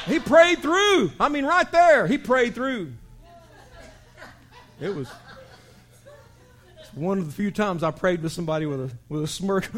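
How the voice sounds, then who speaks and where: High-voiced preacher telling stories. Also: male voice, unhurried, pauses often. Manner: animated storytelling preaching, acting out voices with big shouts. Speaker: pastor. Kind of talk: sermon.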